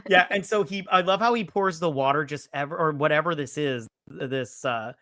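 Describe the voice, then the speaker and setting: A man co-hosting a movie review podcast, retelling scenes in an animated way, jumping into character voices and swearing freely. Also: a little high, a little fast, dry recording, clean studio sound. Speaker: podcast co-host. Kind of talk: casual movie review chat.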